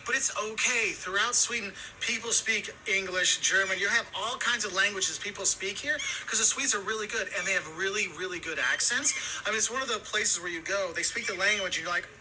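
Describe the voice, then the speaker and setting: A man's voice: high voice, brisk, few pauses, background noise. A man presenting travel tips in a chatty, upbeat way, laughing easily as he goes.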